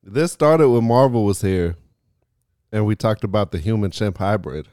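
A man's voice: lowish voice, animated, normal speed, darkish tone, smooth, dry recording, clean studio sound. A man hosting a podcast in casual chat, laughing often and easygoing. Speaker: podcast host.

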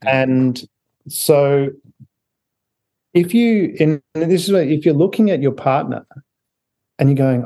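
A man's voice: on the high side, animated, slow, long pauses, mellow. A man speaking as an author guest on a podcast, chatty, often laughing and restarting his sentences. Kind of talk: casual interview talk.

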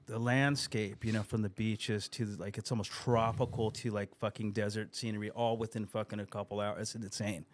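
A man as a podcast guest, swearing constantly in animated, casual storytelling. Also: fairly low pitch, fairly quick, hardly any pauses, a little hiss or hum. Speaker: guest musician.

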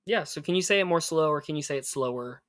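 A man teaching conversational Spanish, patiently explaining and modeling phrases slowly. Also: on the high side, fairly bright tone, dry recording, studio quality.

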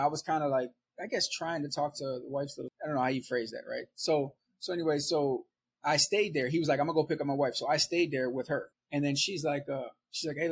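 A man from Milwaukee telling a story in casual street slang, animated and often laughing. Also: fairly high pitch, slight background noise. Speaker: storyteller guest.

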